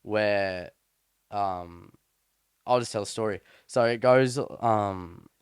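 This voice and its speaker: A man's voice: fairly low pitch, takes it slowly, smooth, dry recording, clean studio sound. A young man co-hosting a podcast, chatting casually and telling a story in a rambling, slangy way with many restarts. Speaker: podcast co-host. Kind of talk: casual chat.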